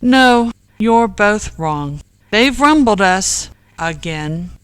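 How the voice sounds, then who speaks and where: A storybook narrator voicing a calm, matter-of-fact grown man who explains things a little dolefully, slightly raised in pitch. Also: drawn-out words, clear, resonant tone, dry recording. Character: calm, knowing man friend with a plan.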